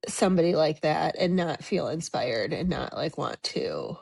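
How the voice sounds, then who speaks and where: A woman's voice: low voice, expressive, vocal fry, a little mellow, breathy edge. A woman co-hosting a sports podcast, chatting casually and agreeing readily. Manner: agreeable, quick affirmations. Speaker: podcast co-host.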